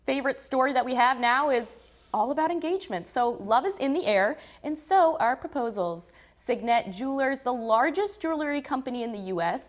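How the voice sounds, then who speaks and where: A young woman co-hosting a student morning show, chatting upbeat and reading news stories. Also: sits high. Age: young adult. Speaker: student co-host. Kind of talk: casual morning show chat.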